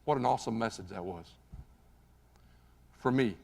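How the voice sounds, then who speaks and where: A man giving a live motivational speech on stage, telling a story in an animated, conversational way and asking the audience questions. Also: lowish voice, moderate pace, creaky. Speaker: motivational keynote speaker. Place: stage in a large hall. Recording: reverberant hall recording.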